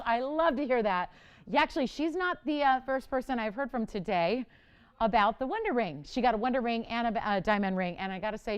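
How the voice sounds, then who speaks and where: A middle-aged woman hosts a live jewelry sales show with a smooth, clear voice. She talks in a chatty, enthusiastic way and leans hard on her selling points. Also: on the high side, lively intonation, brisk. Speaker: jewelry shopping host. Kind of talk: live home-shopping sales pitch.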